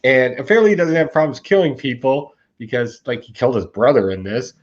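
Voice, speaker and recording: A man in his forties co-hosting a comic book podcast, ranting about a bad comic in a casual, animated way with laughs. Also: mid-range voice, a little fast, dull audio. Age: 40s. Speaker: podcast co-host.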